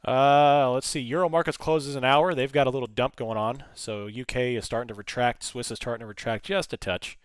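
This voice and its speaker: Hosting a live trading stream, a man with a mid-range, steady voice talks fairly quickly with hardly any pauses, commenting on the chart and answering viewers' questions. He talks to the chart as if urging it on, and the recording is clean and dry.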